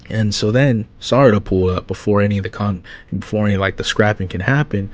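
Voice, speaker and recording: A man's voice: on the low side, fast talker, muffled recording. A man giving a casual, slangy manga chapter recap, full of fillers, who acts out the characters' lines as he goes. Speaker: manga commentator.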